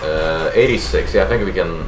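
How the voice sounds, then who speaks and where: A man's voice: sits low, moderate pace, echoey room, faint music behind. A man casually commenting while playing a game, swearing often and reading the game's lines aloud. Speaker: gaming video host. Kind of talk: let's play commentary.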